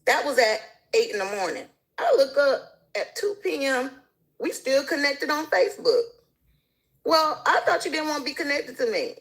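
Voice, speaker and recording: A woman's voice: high voice, big pitch swings, normal speed, a bit bright, poor audio. A woman guest in casual conversation, telling stories animatedly and acting out the people she quotes. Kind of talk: casual chat.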